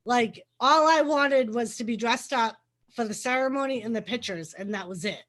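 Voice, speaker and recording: A high-pitched woman telling a story in relaxed chat. She laughs often and bounces into little acted-out quotes as she goes. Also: moderate pace.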